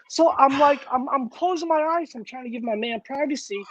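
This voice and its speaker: A man's voice: extremely high pitch, a little fast, hardly any pauses, low-quality recording. A man co-hosting a casual podcast chat, telling a story animatedly and acting out the dialogue. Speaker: podcast co-host.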